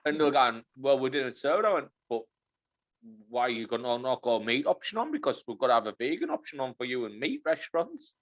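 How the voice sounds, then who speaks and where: A man's voice: medium pitch, sing-song, a little fast, lo-fi sound. A man, co-hosting a podcast with joking, wound-up banter in casual chat. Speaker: podcast co-host.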